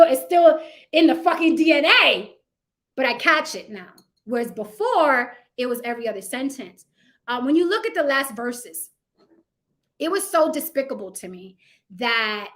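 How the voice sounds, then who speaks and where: Woman livestream host, high voice, blunt and profane, casual opinion chat. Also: a bit bright. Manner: blunt, profane, mocking impressions. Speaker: channel host.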